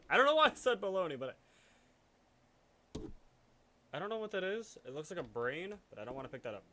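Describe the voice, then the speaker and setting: A man's voice: high voice, sing-song, brisk, long pauses, bright, forceful tone, slight background noise. A man hosting a let's play, rambling and joking at himself as he reacts to the game. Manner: rambling, self-mocking, reacting aloud.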